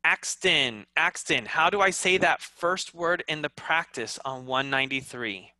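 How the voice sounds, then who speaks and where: Slow patient male English teacher. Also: on the high side, sharp tone, no echo. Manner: slow, patient, repeats words, mixes in Indonesian. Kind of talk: online class teaching.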